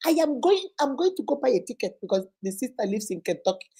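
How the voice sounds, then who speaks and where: A woman voicing a hot-tempered man who hits his wife, loud and indignant as he justifies himself. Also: on the high side, big pitch swings, fast talker, husky, full character voice. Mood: frantic.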